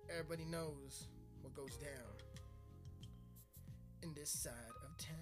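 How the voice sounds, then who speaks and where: A man's voice: a little high, fairly even intonation, measured pace. A man hosting a podcast, ranting casually in a crude, rambling, mocking way. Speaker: podcast host. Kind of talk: casual profane rant. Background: loud music.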